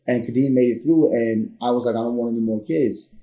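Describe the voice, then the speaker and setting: With a medium-pitched voice and a slightly quick pace, a podcast guest shares a candid personal story in a roomy-sounding recording. He's earnest, and his re-enactments of heated arguments grow louder and more intense.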